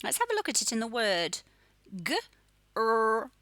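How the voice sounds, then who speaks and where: Slow, bright-voiced woman teaching phonics. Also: fairly high pitch, wildly swooping pitch, no room sound. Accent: Australian. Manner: slow, sing-song, sounding out letters for children. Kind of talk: children's phonics lesson.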